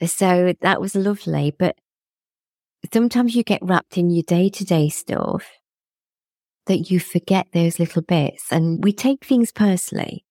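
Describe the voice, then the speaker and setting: A woman's voice: lowish voice, a little slow, darkish tone, dry recording, studio quality. A middle-aged woman, a podcast guest, talking in a reflective, casual way and often laughing as she speaks. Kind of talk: casual conversational chat.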